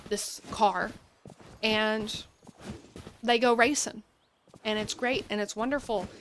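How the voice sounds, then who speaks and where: A woman's voice: mid-range voice, fairly bright tone, slight background noise. A woman streaming gameplay, chatting casually and rambling through enthusiastic tangents while seated at her gaming setup. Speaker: game streamer.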